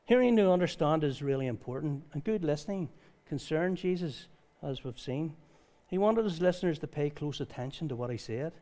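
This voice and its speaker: A pastor with a slightly higher-than-average voice delivers a conversational sermon at a church service. He moves between reading scripture aloud and telling stories in a lively, informal way. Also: a little fast, hardly any pauses.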